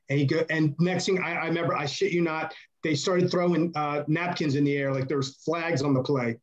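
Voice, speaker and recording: A man telling backstage stories as a podcast guest, rambling and animated, loudly acting out the voices of the people he quotes. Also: fairly high pitch, a little fast, hardly any pauses, highs cut off. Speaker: podcast guest, former wrestler. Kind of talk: casual storytelling interview.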